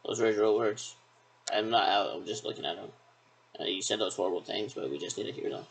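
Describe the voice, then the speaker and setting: Gravelly man rambling in circles. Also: fairly low pitch, fairly quick, a little hiss or hum, rough recording. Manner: repetitive, circling, hesitant. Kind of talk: rambling monologue.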